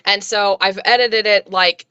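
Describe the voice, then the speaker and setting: Bright, smooth-voiced woman author, lo-fi sound. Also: mid-range voice, fairly even intonation, unhurried. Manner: enthusiastic, appreciative, rambling. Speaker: author and interviewer. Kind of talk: casual interview chat.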